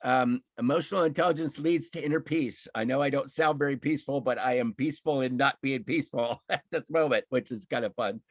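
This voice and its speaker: A man's voice: medium pitch, a little fast, hardly any pauses, no room sound. A man teaching an online emotional intelligence class, talking in an emphatic, fired-up way with frequent laughs and restarts. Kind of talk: live online class, impassioned talk.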